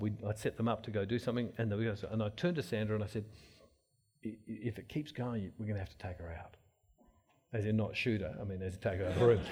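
Husky man preaching, rambling. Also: mid-range voice. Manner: rambling storyteller, many restarts; animated, swings loud and soft. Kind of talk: informal sermon-style talk.

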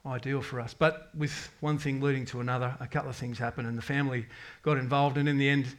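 A middle-aged parish member gives his congregation a rambling, candid faith testimony, full of restarts and quoted prayers. His voice is medium-pitched with little pitch movement, and he speaks fast.

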